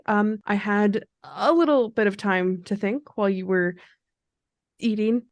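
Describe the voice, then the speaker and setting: A woman playing her character in a tabletop role-playing game, speaking calmly and earnestly with small restarts. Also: medium pitch, unhurried, dry recording. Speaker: player.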